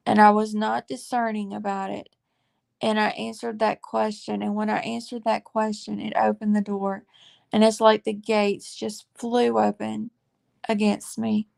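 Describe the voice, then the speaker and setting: A woman in her forties shares a heartfelt faith testimony, close to tears. Her voice is deeply gravelly with heavy fry, and her pitch stays flat and level. She talks in an earnest, confiding way, halting with fillers. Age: 40s. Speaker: faith vlogger.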